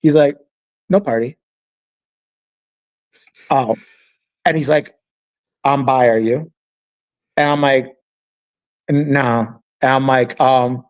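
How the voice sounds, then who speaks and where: A man's voice: medium pitch, steady tone, takes it slowly, pauses often. A man co-hosting a podcast, telling a story in casual chat, laughing often and acting out what other people said. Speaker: podcast co-host.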